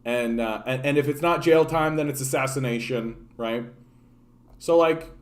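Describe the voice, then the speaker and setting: A man's voice: medium pitch, normal speed. A man from Canada hosting a political livestream, ranting casually with profanity and many restarts. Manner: profane, animated, repeats and restarts words.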